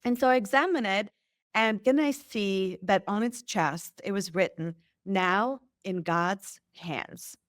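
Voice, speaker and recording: A woman guest on a podcast, telling a personal story with lively acted-out quotes. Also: medium pitch, takes it slowly, no echo, studio quality. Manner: animated, acts out quoted lines. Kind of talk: storytelling in an interview.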